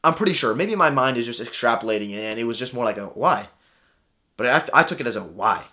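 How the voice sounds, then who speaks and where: A young man telling a story in a casual, animated way, acting out his own thoughts as he goes. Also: mid-range voice, racing. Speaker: vlogger.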